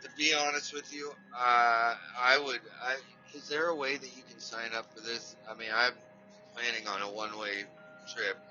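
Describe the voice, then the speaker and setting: A man's voice: mid-range voice, fairly even intonation, moderate pace, pushed and bright, dull audio, faint music behind. A man hosting a casual live podcast, rambling, restarting his sentences and apologizing as he goes. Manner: rambling, apologetic, talks to his dog mid-show. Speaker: podcast host. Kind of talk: casual live-stream chat.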